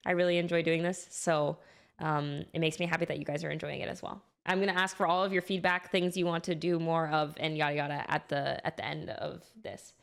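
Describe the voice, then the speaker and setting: A woman's voice: fairly low pitch, gravelly, fairly bright tone. A young woman streamer chatting casually with her live chat, swearing freely and often restarting her sentences.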